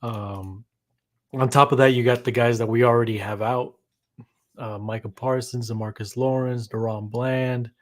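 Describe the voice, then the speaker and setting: A man co-hosting a casual sports chat, subdued and glum, pausing often with ums. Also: mid-range voice, fairly even intonation. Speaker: podcast co-host.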